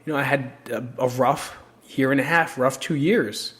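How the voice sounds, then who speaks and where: A man from New Jersey talks alone into his podcast mic, speaking frankly and with feeling to his listeners. His voice sits at an ordinary middle pitch, and his talk is loose, heartfelt and full of swearing. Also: moderate pace, a bit bright. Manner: candid, emotional and profane, talks straight to listeners. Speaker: podcast host. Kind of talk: casual solo podcast monologue.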